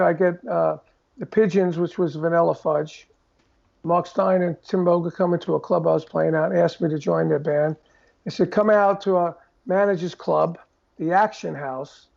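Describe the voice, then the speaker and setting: An older male musician, a guest telling stories in a casual interview over a video call, animated and acting out quoted voices. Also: a little high, creaky. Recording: dull lo-fi call audio.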